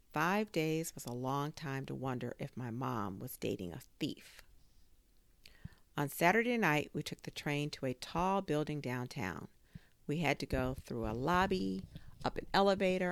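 A woman narrating a children's chapter book aloud in an expressive storytelling manner. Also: low-pitched, measured pace, creaky, no room sound. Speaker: audiobook narrator.

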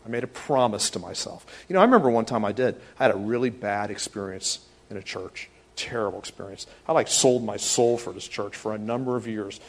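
A man's voice: fairly low pitch, fairly quick, few pauses. A middle-aged man preaching a sermon as a pastor, telling stories with animation and acting out the people in them. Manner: animated storytelling, acts out voices.

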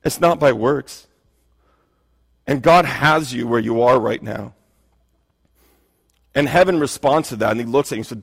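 A man's voice: medium pitch, moderate pace, creaky, long pauses, slightly rough. A man preaching a sermon in an earnest, conversational way, often restarting his phrases. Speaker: pastor. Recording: long reverb of a hall.

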